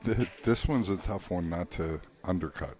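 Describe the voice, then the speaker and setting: Low-voiced man on pool commentary. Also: moderate pace, darkish tone. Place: pool hall.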